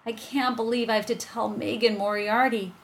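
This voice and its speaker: A woman reading aloud, voicing a boy in a higher, louder voice. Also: fairly even intonation, moderate pace, creaky, slight background noise. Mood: rueful. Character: boy, upset and excitable.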